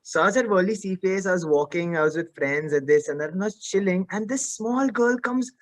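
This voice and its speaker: A young man, an actor being interviewed, telling lively anecdotes and acting out the voices in them. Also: high voice, fairly quick. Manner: animated storyteller who acts out the voices in his stories.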